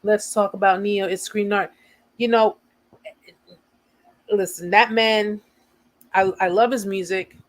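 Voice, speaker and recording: Speaking slowly with frequent pauses, an American woman uses a medium-pitched, fairly even voice on a rough recording. She hosts a casual survivor support livestream, earnest throughout and repeating her points for emphasis.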